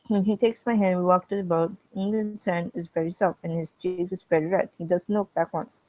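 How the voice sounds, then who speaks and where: Low-voiced woman reading a fan story, throat strained. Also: brisk, hardly any pauses, no echo, low-quality recording. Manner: steady, chatty asides between passages. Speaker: fan reading fanfiction in character.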